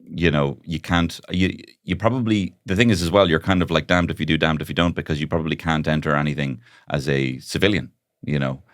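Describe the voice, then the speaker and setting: A man's voice: a bass voice, steady tone, a little fast, hardly any pauses, dry recording, clean studio sound. An Irish man co-hosting a comedy podcast, teasing and rambling with lots of fillers. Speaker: podcast co-host. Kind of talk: casual comedy chat.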